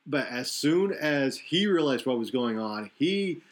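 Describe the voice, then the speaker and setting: A man's voice: mid-range voice, lively intonation, measured pace. A man hosting a podcast, chatting casually in long rambling runs that restart and correct themselves. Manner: rambling, self-correcting analysis. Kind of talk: casual wrestling chat.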